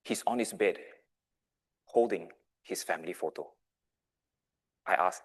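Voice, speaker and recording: A man's voice: deep voice, unhurried, slightly rough. A man in his thirties giving a dramatic storytelling speech with big swings in volume. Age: 30s. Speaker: club speaker.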